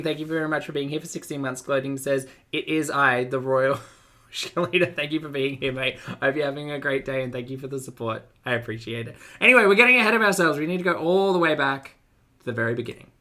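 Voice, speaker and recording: A man's voice: medium pitch, sharp tone. An Australian man chatting casually on a live stream, playful and joking as he reacts to videos and reads viewer messages.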